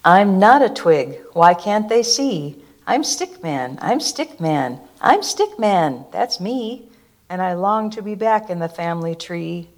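A woman voicing a plucky, homesick little stick man in a storybook, with a soft sing-song refrain. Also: medium pitch, sing-song, takes it slowly. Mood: wistful refrain.

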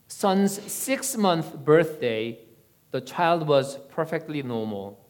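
A man giving a sermon-style teaching in a measured, deliberate way. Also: on the high side, darkish tone.

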